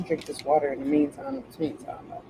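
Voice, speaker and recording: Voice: medium pitch, sing-song, fast talker, background noise. A tarot reader in casual live-stream chat, joking and chatty with plenty of slang.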